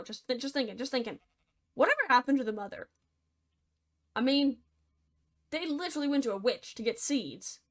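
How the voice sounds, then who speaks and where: A woman's voice: sits high, fairly bright tone. A young woman narrating a fairy tale with comedy, sarcastic and playful, slipping in mock-cheerful asides. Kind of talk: comedic storytelling over a game video.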